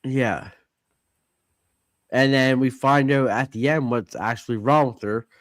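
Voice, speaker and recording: Relaxed man hosting a podcast. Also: medium pitch, measured pace, dry recording, studio quality. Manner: relaxed, agreeable, brings others in. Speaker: podcast host. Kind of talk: casual chat.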